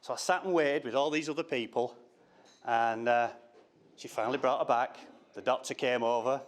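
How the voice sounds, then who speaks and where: A middle-aged man reads a father-of-the-bride speech from notes, jokey and teasing, breaking off with asides and interrupting himself. His voice is mid-range and he speaks at normal speed.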